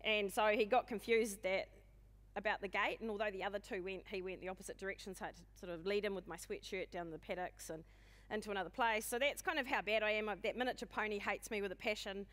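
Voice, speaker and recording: A woman in her forties with a New Zealand accent, giving a humorous, self-deprecating keynote talk in a loud, booming voice and speaking fast. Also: fairly even intonation. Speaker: conference speaker. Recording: long hall reverb.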